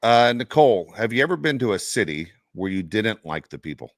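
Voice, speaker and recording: Low-voiced man, animated storyteller. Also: a little fast, no echo, studio quality. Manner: animated storytelling, laughs often. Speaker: podcast co-host. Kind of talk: casual chat.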